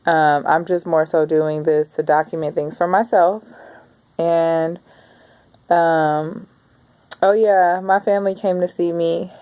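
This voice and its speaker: A woman's voice: lowish voice, fairly even intonation, takes it slowly, darkish tone, clear, resonant tone, lo-fi sound. A woman in her thirties talking in a casual, rambling video diary, chatty and heartfelt. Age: 30s. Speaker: vlogger.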